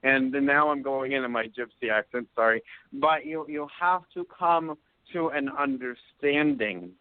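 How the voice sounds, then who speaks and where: A man's voice: mid-range voice, clean tone, no echo. A man hosting a call-in radio show, giving soothing psychic readings and often checking in with "okay?". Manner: soothing, drawn-out pronouncements with frequent "okay?". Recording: dry phone-line sound.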